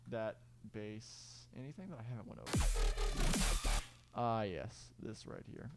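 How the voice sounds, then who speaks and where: A young music producer gives a casual screen-recorded tutorial on his own project, speaking into a clip-on mic. His fairly low voice has lively intonation and a measured pace, and he rambles, corrects himself, uses fillers and sometimes sings out beat sounds.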